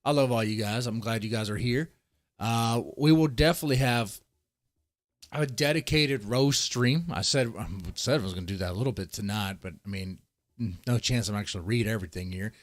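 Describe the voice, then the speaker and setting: A man's voice: mid-range voice, brisk, no room sound. Rambling, profane man hosting a livestream. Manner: rambling, profane, talks directly to chat. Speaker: livestream host. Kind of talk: casual livestream commentary.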